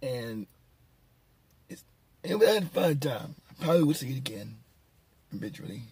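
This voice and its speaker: A man's voice: medium pitch, expressive, moderate pace, creaky, a little mellow, breathy edge, dry recording. A man giving a casual, rambling film review, sarcastic and mocking, chuckling at his own jokes. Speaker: movie reviewer.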